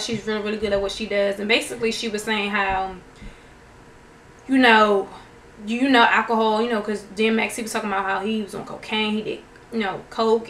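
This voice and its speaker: A woman casually recapping a TV show in a vlog, chatty and animated, quoting people as she goes. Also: mid-range voice. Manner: chatty, animated retelling with quoted dialogue. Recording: echoey room, faint noise.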